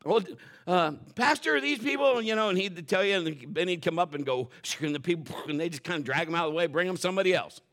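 A middle-aged man preaching a sermon in a folksy, animated way, acting out quotes and dropping to a whisper for emphasis. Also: sits high, fast talker. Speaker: pastor.

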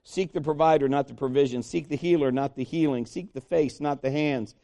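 A man's voice: fairly high pitch, brisk, vocal fry, dark tone. A man preaching a sermon, emphatic, calling on the congregation to respond. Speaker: pastor.

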